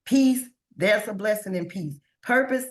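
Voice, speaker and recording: A woman's voice: medium pitch, unhurried, reverberant. A woman guest on a podcast who speaks earnestly about faith and often repeats words when she is moved. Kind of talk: emotional interview talk.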